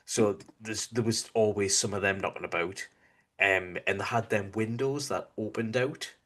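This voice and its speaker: A Northern English man co-hosting a casual podcast chat with a somewhat low voice. He tells stories in a relaxed, rambling way, full of ums and restarts. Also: moderate pace. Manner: relaxed storytelling with many fillers. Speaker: podcast co-host.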